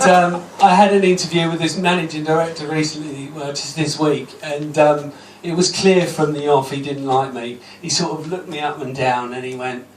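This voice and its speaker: A man doing a stand-up routine in a small comedy club, rambling and self-deprecating with plenty of ums. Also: on the high side. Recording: roomy, distant, noisy club recording.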